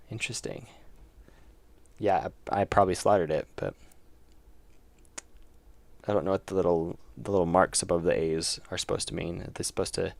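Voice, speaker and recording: A man streaming his indie game work, chatting casually and thinking aloud, with jokes and quick self-corrections. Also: deep voice, steady tone, vocal fry, no echo. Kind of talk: casual livestream chat while working.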